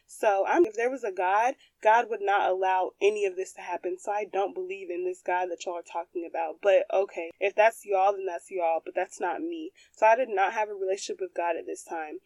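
A young woman shares her story on her podcast, candid and emphatic, talking straight to her listeners. Her voice sits at a middle pitch. The recording is close and dry. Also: fairly even intonation, fairly quick, few pauses, darkish tone, no room sound. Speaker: podcast host. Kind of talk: personal testimony.

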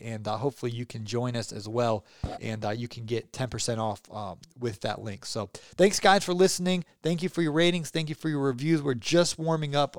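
A gravelly middle-aged man, chatting loosely on his podcast. He rambles upbeat with plenty of ums and asides. The sound is dry and close, with no room around it. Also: medium pitch, no echo. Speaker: podcast host. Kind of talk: casual solo podcast outro.

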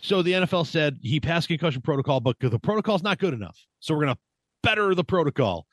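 A man's voice: fairly high pitch, lively intonation, quick pace, no echo, studio quality. A man co-hosting a sports podcast, delivering sarcastic, profane tirades. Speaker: podcast co-host. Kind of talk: casual sports chat.

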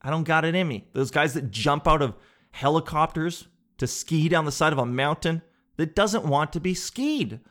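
A man's voice: on the high side, lively intonation, moderate pace, fairly bright tone. A man doing a casual comic monologue in a rambling, joking, self-mocking way.

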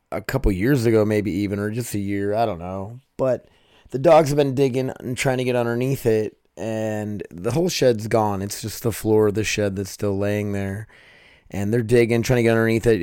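This podcast host talks casually late at night with a rather low, somewhat mellow voice roughened by a scratchy, strained throat. Profane and rambling, he often breaks off mid-thought. The recording is dry with clean studio sound.

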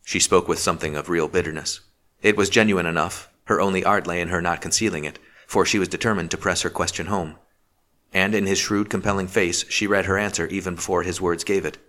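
A man reading a novel aloud as an audiobook narrator, measured and steady. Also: deep voice. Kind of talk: scripted narration.

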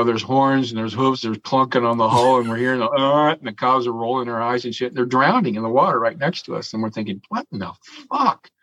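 A middle-pitched male voice recounts an old adventure in a loose, rambling way, cursing casually and breaking into chuckles. The recording is somewhat dull and lo-fi, without much crispness. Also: a bit bright. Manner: profane, chuckling, drawn-out storyteller. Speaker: interview guest telling a story. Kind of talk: casual storytelling.

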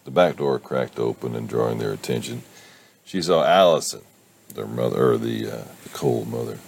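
Man reading a novel aloud, very low and gravelly, light hiss behind. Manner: casual, chuckling asides. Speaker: reader and commentator.

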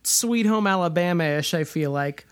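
A man's voice: high voice, measured pace, smooth. A man co-hosting a podcast, chatting casually about a movie, rambling and laughing often. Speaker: podcast co-host.

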